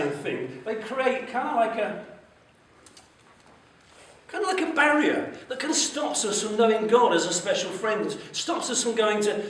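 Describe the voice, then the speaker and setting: A man tells a Bible story to schoolchildren in an animated, question-asking way. His voice sits high for a man. He is heard from a distance in a strongly echoing school hall, with a faint noise underneath. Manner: animated, asks the children questions.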